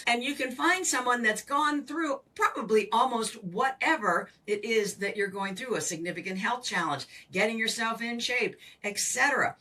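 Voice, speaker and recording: An older woman, a financial coach, explaining with emphatic, animated delivery as a podcast guest. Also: medium pitch, moderate pace, breathy edge. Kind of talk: podcast interview. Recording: voice distant from the mic.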